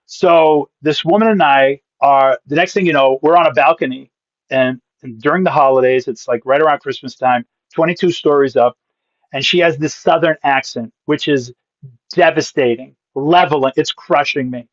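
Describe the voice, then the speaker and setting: Pastor-comedian guest from Massachusetts, lively punchy storyteller, slightly high-pitched, dry and muffled mic. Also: male voice, dry recording. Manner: animated, punchy comic delivery with quick asides. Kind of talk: comic storytelling in a podcast interview. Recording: dull, dry sound.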